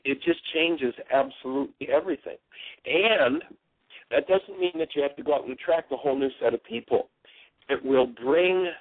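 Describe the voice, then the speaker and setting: A man's voice: mid-range voice, no room sound. A man hosting a radio talk show, earnestly explaining ideas and acting out the people he quotes. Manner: earnest, explanatory, acts out quotes in other voices. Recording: dry phone-line sound.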